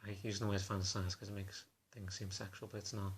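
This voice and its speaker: A man talking to camera in a confessional vlog, halting and self-conscious in a subdued, low-key way. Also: flat delivery, a little hiss or hum. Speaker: vlogger.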